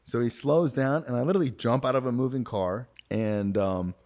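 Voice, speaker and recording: Man, podcast guest, casual storytelling, slangy and profane, acts out other people's lines, gets loud at the exciting parts. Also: mid-range voice, moderate pace. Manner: gets loud and excited when retelling the chase.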